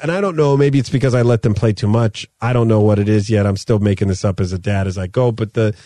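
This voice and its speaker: Rambly podcast guy telling stories about his kids, mellow voice, dry mic. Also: lowish voice, fast talker, dry recording. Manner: rambling storyteller, acts out his sons' voices. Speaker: podcast host. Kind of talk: casual chat.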